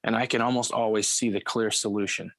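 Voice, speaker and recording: Man, interview host, low voice, dry close sound, chatty with fillers. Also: steady tone, fairly quick, a bit bright, no echo. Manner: conversational, many "you know" fillers. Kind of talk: casual interview chat.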